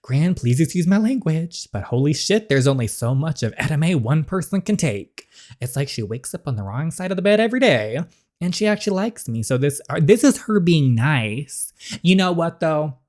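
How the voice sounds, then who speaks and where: A game streamer chatting casually between story lines, rambling a little with fillers and restarts. The voice is at a middling pitch and sounds relaxed and conversational. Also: moderate pace. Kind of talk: casual commentary while reading a story game.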